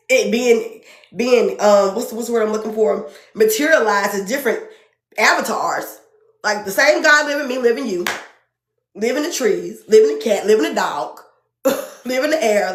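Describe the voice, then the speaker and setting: On a podcast, a female guest with a voice on the high side talks in an earnest, emotional way about spiritual matters. The sound is roomy, and she frequently repeats phrases for emphasis in this passionate conversation.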